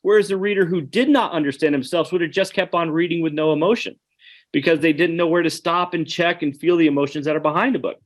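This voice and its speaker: A man's voice: a little high, fast talker. A man giving an online webinar presentation, earnest and conversational, speaking straight to his audience.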